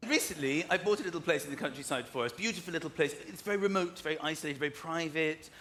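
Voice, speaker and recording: A middle-aged man performing a stand-up comedy routine with animated, exaggerated storytelling. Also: a little high, quick pace. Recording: noisy recording.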